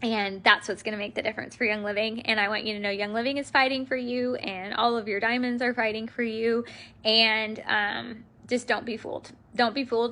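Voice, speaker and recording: An earnest woman speaks to her sales team on a live video, emotional and full of fillers. Her voice sits a little high and sounds sharp and bright, with a gravelly fry running through it.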